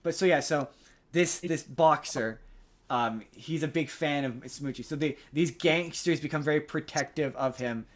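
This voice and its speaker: A man's voice: fairly high pitch, moderate pace. Rambling man recapping a movie. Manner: rambling, frequent restarts and fillers. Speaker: podcast host. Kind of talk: casual chat recapping a movie.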